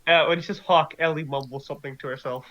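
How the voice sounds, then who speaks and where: Male player, offhand, slightly high voice, dull lo-fi mic. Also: fairly even intonation, fast talker, sharp tone. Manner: offhand, describes his character's actions. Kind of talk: casual chat during a tabletop game.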